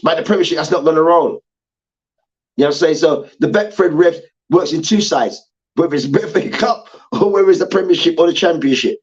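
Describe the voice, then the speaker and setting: A man's voice: on the high side, a little fast, muffled recording. A man hosting a heated sports debate show, ranting and swearing, repeating his points and mocking people with chants.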